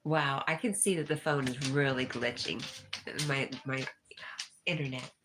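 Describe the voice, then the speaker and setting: A woman with a notably low voice hosts a casual livestream, reading viewers' comments aloud. She is easygoing and gently reassuring, and she chuckles often. She is from New York. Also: a little slow, slight background noise. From New York, USA. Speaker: livestream host.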